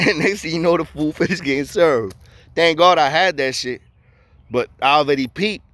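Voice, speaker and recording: A man's voice: on the high side, moderate pace, pushed and bright, dry recording. A man telling a story in a casual way, full of street slang and acting out the voices of the people in it.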